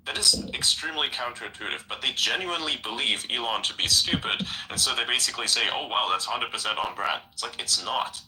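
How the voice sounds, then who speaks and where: A man's voice: mid-range voice, fast talker, hardly any pauses, bright, forceful tone, low-quality recording. A man in casual podcast conversation, emphatic and incredulous, often repeating himself.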